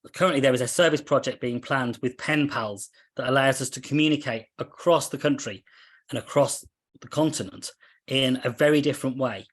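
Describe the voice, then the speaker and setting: Measured man presenting his club's work. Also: mid-range voice. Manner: measured, listing points in steady rhythm. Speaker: district officer giving a talk. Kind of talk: presentation to an online meeting.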